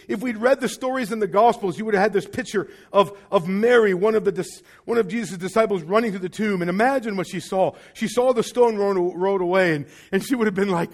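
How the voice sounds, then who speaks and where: Earnest high-voiced male preacher. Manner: earnest, repetitive, drops to near whisper. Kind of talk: sermon.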